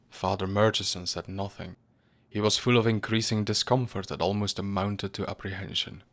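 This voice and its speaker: A man narrating a storybook reading in a measured, grave manner. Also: lowish voice, level tone, a bit bright.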